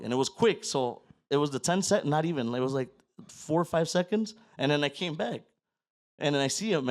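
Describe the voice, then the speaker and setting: A man with a medium-pitched, somewhat dark voice tells a long story as a guest on a podcast. His casual storytelling is loose and profane, and he slips into Spanish at times.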